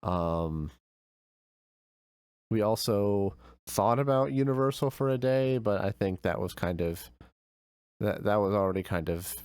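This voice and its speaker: A man's voice: on the low side, animated, unhurried, pauses often, darkish tone, clean tone, no room sound. A young man streamer telling a vacation story in casual, rambling chat with many fillers.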